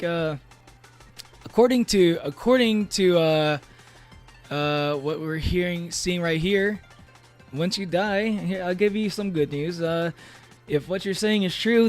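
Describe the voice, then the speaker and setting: Man, streamer playful in-character demon chat, rambling with restarts, a touch higher voice, faint music under him. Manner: many fillers and restarts. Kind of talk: casual livestream chat, reading aloud and reacting. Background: faint background music.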